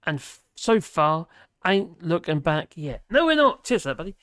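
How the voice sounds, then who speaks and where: A man's voice: high voice, sing-song, moderate pace, a bit bright, clear, resonant tone. A man hosting a live stream, reading news and viewer comments aloud in a wry, chatty way and laughing often. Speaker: livestream host reading news and chat. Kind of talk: casual live-stream chat.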